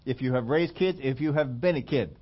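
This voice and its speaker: A man preaching a sermon, acting out whiny complaining questions, then dropping low and slowing for emphasis. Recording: dull lo-fi sermon recording.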